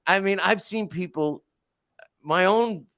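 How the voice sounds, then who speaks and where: A man hosting a podcast, talking through casual stories and rants in an animated way with lots of restarts. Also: sits high, a little slow, no room sound. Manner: animated storytelling, frequent restarts and asides. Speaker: podcast host. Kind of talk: casual monologue.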